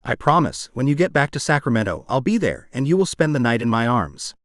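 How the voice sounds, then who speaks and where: A man voicing a calm, reassuring male lover in an audiobook. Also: mid-range voice, brisk, no room sound, clean studio sound, lightly acted. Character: earnest grown man, calm protective lover.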